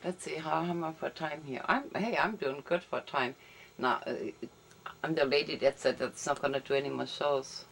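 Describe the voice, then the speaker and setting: A woman hosting a casual interview, relaxed and affirming, murmuring agreement as her guest talks. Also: deep voice, moderate pace, gravelly, slight background noise. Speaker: interview show host.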